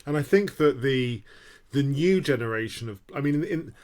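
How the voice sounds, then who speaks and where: A man's voice: mid-range voice, lively intonation, moderate pace, a little mellow. A man on a podcast panel arguing a point, restarting his sentences often. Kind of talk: casual panel chat.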